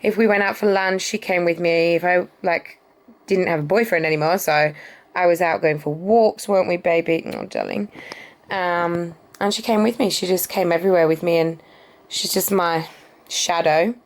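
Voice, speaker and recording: A woman's voice: on the low side, fairly even intonation, moderate pace. A young woman vlogging casually at home, chatty and affectionate, cooing at her dogs as she talks to the camera. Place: home, indoors. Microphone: camera resting on the bed.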